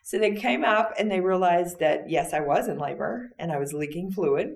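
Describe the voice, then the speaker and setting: A woman interview guest retelling a personal story in a plain, halting way with fillers. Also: on the low side, lively intonation, vocal fry, echoey room.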